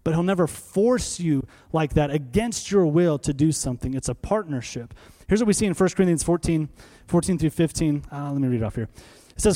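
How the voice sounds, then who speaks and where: A man in his thirties preaching a sermon in an animated, conversational way, full of rhetorical questions. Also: fairly high pitch, a little fast, hardly any pauses. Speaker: pastor.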